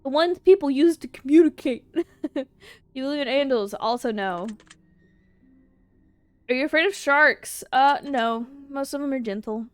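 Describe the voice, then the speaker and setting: A woman's voice: high voice, a little slow, long pauses, no echo, faint music behind. A woman streamer in casual livestream chat, answering viewer questions, laughing often and swearing freely.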